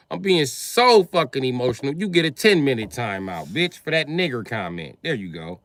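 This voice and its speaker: A man hosting a livestream, ranting at his chat in a combative, profane way and swinging between yelling and muttering. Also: medium pitch, big pitch swings, moderate pace, hardly any pauses. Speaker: livestream host moderating chat. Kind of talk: heated livestream rant at chat.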